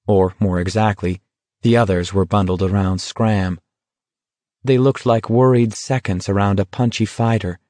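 Low voiced guy reading an audiobook, slow and even, dry close sound. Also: no echo. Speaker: audiobook narrator. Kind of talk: scripted narration.

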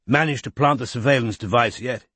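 A man voicing a gruff, bad-tempered older male politician who barks and growls curt remarks. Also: mid-range voice, fairly quick, fairly bright tone, no room sound.

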